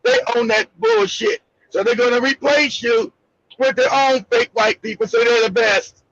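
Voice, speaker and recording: A man giving brash, mocking casual commentary, loud and profane, laughing often and breaking into shouts. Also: very high-pitched, big pitch swings, normal speed, gravelly, a little hiss or hum. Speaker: co-host. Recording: slightly dull lo-fi sound.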